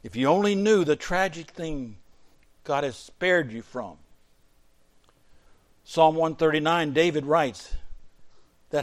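A middle-aged pastor preaching a sermon, his voice sitting a bit above the usual male register. He swings between loud, rising emphasis and low, hushed asides, speaking straight to his church. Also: animated, measured pace, long pauses. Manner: preaching with sudden surges in pitch and loudness, then dropping low.

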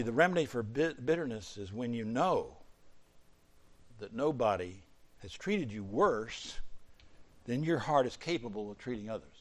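A man preaching a sermon, swinging between loud fervent peaks and quiet low asides.

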